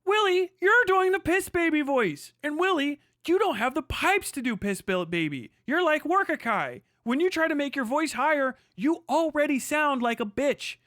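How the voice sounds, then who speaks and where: A man's voice: very high-pitched, very animated, normal speed, hardly any pauses, a bit bright, no room sound, studio quality. A man ranting on a live stream, reacting to a video with profane, mocking commentary.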